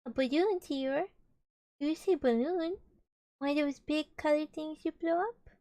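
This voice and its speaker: A woman voicing a gloomy old male donkey who talks slowly and mournfully, in a storybook reading. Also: sits high, mellow, no room sound, studio quality, pitched above the performer's own voice. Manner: slow, doleful, drawn-out.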